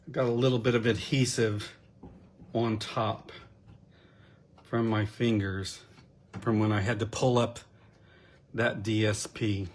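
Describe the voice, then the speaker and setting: Slow-talking man demonstrating card crafts. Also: fairly low pitch, little pitch movement, slight background noise. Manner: unhurried, chatty, self-deprecating asides. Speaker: card-making instructor.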